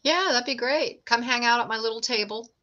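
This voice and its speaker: Her voice runs on the high side, pushed and bright, though the highs are clipped. She's a middle-aged guest who runs a ghost tour, spinning stories in a chatty, jokey way during a casual conversation.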